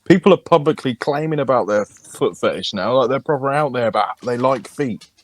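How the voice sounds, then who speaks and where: A man's voice: mid-range voice, animated, brisk, dry recording. A man, co-hosting a podcast in a casual, crude, joking chat. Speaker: podcast co-host.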